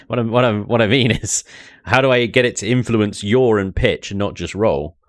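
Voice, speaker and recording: A man's voice: lowish voice, normal speed, no room sound, studio quality. A man streaming a space game, thinking aloud, chuckling often and chatting with his viewers. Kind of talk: casual live-stream chat while building in a game.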